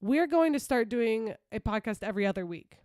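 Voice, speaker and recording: A woman talks through a podcast segment in loose, rambling casual chat, leaning on fillers as she goes. Her voice is smooth and clear, recorded close and dry. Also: fairly high pitch, expressive, fairly quick, a little mellow, dry recording. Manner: chatty, rambling, filler-heavy. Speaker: podcast co-host.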